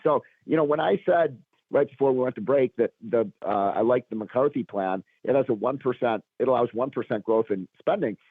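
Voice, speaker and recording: A man with a cold and a raspy voice, a guest on a radio talk show, speaking emphatically and pushing up to his key points. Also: medium pitch, dry recording. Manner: emphatic, rising to punch lines. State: hoarse from a cold. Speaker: guest commentator. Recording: phone line.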